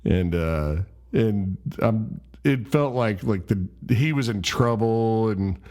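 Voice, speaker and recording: Deep-voiced man telling a story. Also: lively intonation, slow pace, a little mellow. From Memphis, USA. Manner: rambling, self-deprecating. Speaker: vlogger. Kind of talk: casual storytelling.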